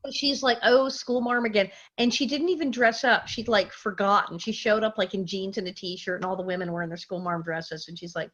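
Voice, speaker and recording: A middle-aged woman, a former child actress, casually telling lively anecdotes in an interview and acting out the quotes. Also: mid-range voice, brisk, few pauses. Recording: dull lo-fi audio.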